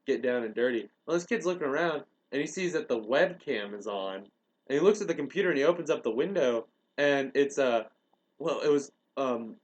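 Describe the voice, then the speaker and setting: Young male podcast host, chatty storyteller, average pitch, animated delivery with quoted bits. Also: a little fast, dull audio. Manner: animated retelling, acts out quoted lines. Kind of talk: casual storytelling chat.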